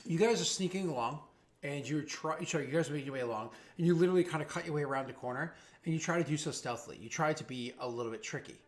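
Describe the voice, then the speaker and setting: Male game master, slightly higher voice, rambling casual narration, drops into raised jeering voices for thugs. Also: very fast. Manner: rambling, many fillers and restarts.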